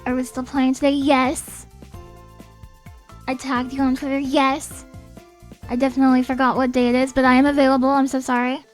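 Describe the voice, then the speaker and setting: High-voiced excitable woman streamer. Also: normal speed, pauses often. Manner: excitable, reads chat aloud and apologizes often. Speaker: game streamer. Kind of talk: casual live-stream chat. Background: faint game music.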